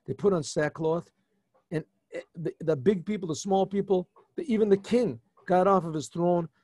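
A man, a rabbi, retelling a scripture story to his class in an animated way, often restarting and adding asides. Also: high voice, moderate pace, no echo. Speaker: rabbi teaching a yeshiva class. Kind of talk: informal storytelling lesson.

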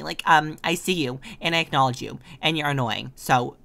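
A man's voice: fairly high pitch, moderate pace, vocal fry, bright, forceful tone. A teenage boy chatting in a sassy, gushing way, heavy on filler words, as a casual voice-over for his own video. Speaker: gaming video creator. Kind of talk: casual voice-over chat over gameplay. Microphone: desk condenser microphone.

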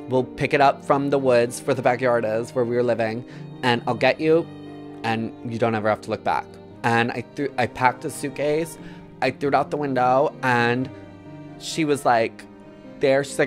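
A woman's voice: extremely low pitch, steady tone, moderate pace, soft background music. A woman from Wisconsin telling a painful personal story in an interview, casual with many fillers, fighting back tears. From Wisconsin, United States.

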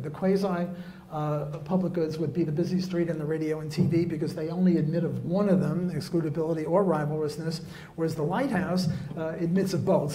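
A man's voice: on the high side, warm tone, a little hiss or hum. A man giving a live economics lecture, blunt and jokey, with many fillers and restarts.

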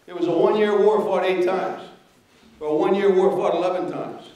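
A man's voice: sits high, normal speed, dark tone. An older man giving a storytelling history lecture, conversational, often checking in with his audience. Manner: storytelling, conversational, asks okay. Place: lecture hall. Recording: very echoey hall from far off.

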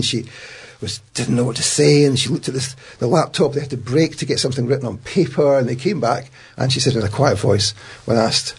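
A middle-aged man, a guest in an interview, recounting events in an animated way with many restarts. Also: mid-range voice, husky. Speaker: guest, academic.

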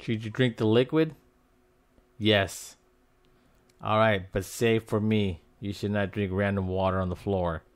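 A man giving casual let's-play commentary, excitable and reacting to the game with goofy exclamations and yelps. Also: fairly low pitch, a little slow, pauses often. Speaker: gaming video host.

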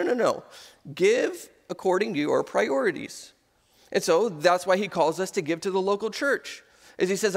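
A man's voice: high-pitched, long reverb tail. A man in his thirties preaching a sermon as pastor of a church, telling stories and acting out the voices in them. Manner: animated storytelling, acts out quoted voices. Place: church auditorium.

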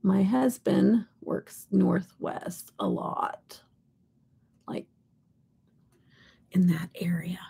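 A woman's voice: mid-range voice, drawn-out words, vocal fry, pauses often, mellow, husky. A middle-aged woman from Kansas, hosting a casual makeup livestream, chatty and rambling, often dropping into whispers. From Kansas, USA. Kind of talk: casual live chat while swatching.

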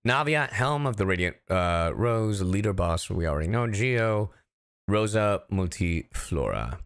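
A man who is a voice actor chatting casually with his livestream chat, animated and talkative, laughing often. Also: on the low side, unhurried, smooth. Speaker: voice actor streaming a reaction.

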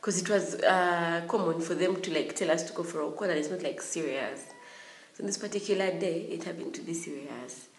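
A young woman telling a storytime vlog in a lively way, giggling often. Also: fairly low pitch, fairly quick. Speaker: vlogger. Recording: roomy room echo.

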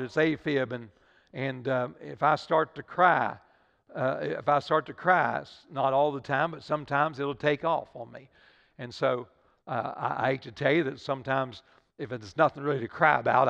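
A man's voice: medium pitch, vocal fry, a bit bright. An older man preaching a sermon as pastor, repeating and restarting phrases as he builds his point. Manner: preaching with Southern-style repetition and stammered restarts. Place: church sanctuary. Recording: dull livestream audio with long hall reverb.

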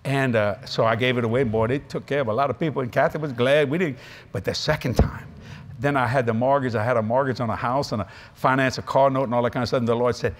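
A male preacher telling humorous, folksy stories in a lively sermon. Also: medium pitch, a little fast. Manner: folksy, humorous, animated storytelling with many acted quotes. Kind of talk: sermon with storytelling.

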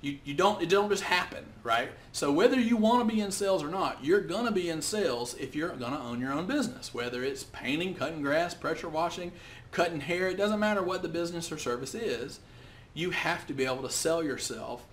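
An outgoing, chatty man hosting a business tip video and speaking in a slightly high voice. He repeats and restarts words as he talks straight to the camera. A faint low rumble runs under the recording. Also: expressive, a little fast. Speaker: host of business tips videos. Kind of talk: casual to-camera tip talk.

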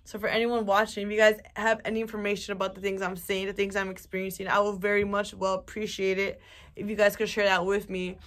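A woman's voice: mid-range voice, fast. A young woman talks straight to her viewers in a loose, rambling way. She swears often and leans on fillers as she tells her story. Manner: rambling, animated, swears a lot, many fillers. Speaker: vlogger. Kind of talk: casual storytelling to camera.

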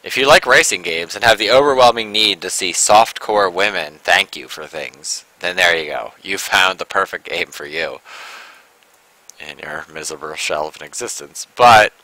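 A man's voice: low-pitched, moderate pace, bright, forceful tone, no echo, rough recording. A man giving casual let's-play commentary, rambling and sarcastic, full of "like" and asides. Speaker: gameplay commentator.

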